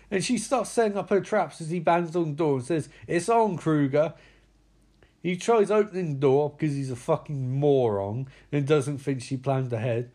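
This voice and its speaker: A man with a high voice tells the plot of a horror film in a loose, casual way. He is excitable and profane, breaking into exclamations as the action builds. The recap feels like chatting with a friend.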